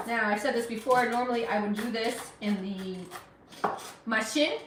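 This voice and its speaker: A woman's voice: on the high side, normal speed, far from the mic, background noise. A woman who works as a criminal defense lawyer, chatting casually and teasingly with viewers while she cooks on a livestream. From United States. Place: home kitchen. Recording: roomy kitchen audio, speaker off-mic.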